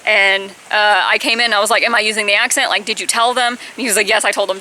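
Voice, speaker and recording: A woman in her twenties telling a casual storytime on her vlog, chatty, with high-pitched bursts when she quotes herself. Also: steady tone, fast, pushed and bright, a little hiss or hum, low-quality recording. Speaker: vlogger.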